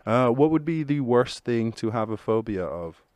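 A man's voice: mid-range voice, expressive, normal speed, a little mellow, no echo. A man hosting a solo podcast, rambling through jokey, profane musings in casual chat. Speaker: podcast host.

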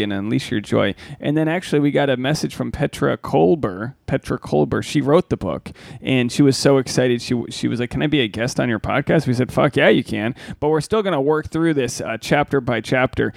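A man's voice: medium pitch, creaky, no echo, clean studio sound. A man co-hosting a casual podcast, telling stories in a rambling, profane way. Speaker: podcast co-host.

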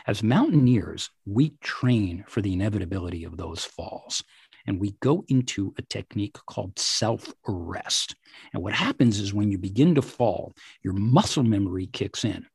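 A man in an interview telling a personal story vividly, at times dropping to hushed asides. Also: lowish voice, animated, normal speed, creaky, husky, no room sound. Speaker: interview guest, teaches classes.

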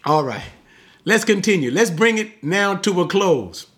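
A man's voice: sits high, expressive, measured pace, fairly bright tone. A man teaching the Bible verse by verse, emphatic and repetitive, stopping often to ask his listeners rhetorical questions. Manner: emphatic, repeats points, asks rhetorical questions.

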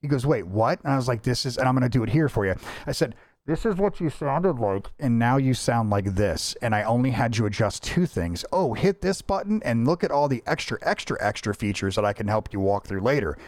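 A man's voice: mid-range voice, lively intonation, fast, hardly any pauses, no room sound. A middle-aged man hosting a casual podcast, telling stories animatedly, swearing freely and acting out the voices of the people he quotes. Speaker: podcast host. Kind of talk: casual chat.

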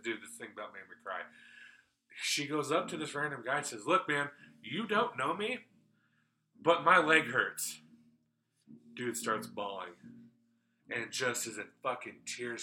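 A man with a very bright, forceful voice chats casually on a podcast. He tells stories in a rambling, animated way, full of fillers and swearing. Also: lowish voice, rough recording. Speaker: podcast co-host. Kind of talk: casual chat, storytelling.

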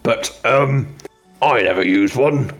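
A man putting on a gruff, gravelly demon lord. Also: medium pitch, slow, soft background music. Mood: grumbling. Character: grumpy male demon lord, just woken. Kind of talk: tabletop role-play voice.

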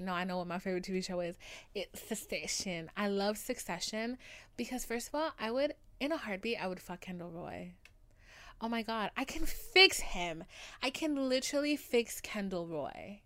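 Overdramatic, gushing young woman podcaster. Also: mid-range voice. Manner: overdramatic, gushing, swearing freely, with sudden loud outbursts. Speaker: podcast host. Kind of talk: solo podcast monologue.

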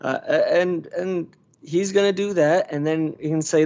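A man, a podcast guest, rambling through casual sports talk with halting restarts. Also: on the high side, fairly even intonation, a little mellow. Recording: dull lo-fi audio.

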